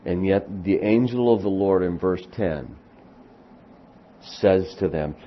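A man preaching a sermon as pastor, speaking with deliberate emphasis that swells into loud, excited peaks. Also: sits low, lo-fi sound.

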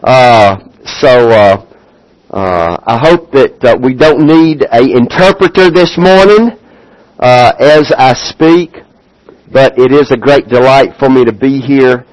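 Slow folksy Southern preacher. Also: male voice, mid-range voice, low-quality recording. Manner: slow, folksy, many "uh" fillers. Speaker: visiting pastor. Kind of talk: church address. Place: church sanctuary.

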